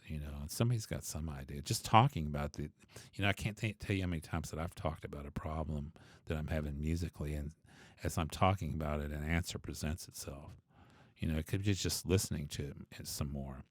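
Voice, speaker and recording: Man, extremely deep voice, bass teacher, reflective conversational monologue, dry recording. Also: no echo. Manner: reflective, loose, full of asides and restarts.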